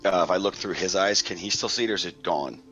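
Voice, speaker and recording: A man's voice: sits low, quick pace, sharp tone, faint music behind. A man playing in a tabletop game, speaking hesitantly with many "um" fillers over dull voice-chat audio. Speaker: player. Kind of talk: tabletop role-play chat.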